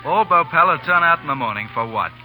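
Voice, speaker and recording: A brash wisecracking Canadian officer. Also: male voice, a little high, animated, fast talker, pushed and bright, faint music behind, poor audio. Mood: bantering. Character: brash teasing young male Canadian officer. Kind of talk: 1940s radio acting.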